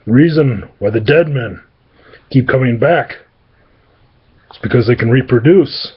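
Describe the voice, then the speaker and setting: A man's voice: mid-range voice, unhurried, breathy edge, dull audio. A man telling an improvised comic story, rambling with joking asides and many fillers.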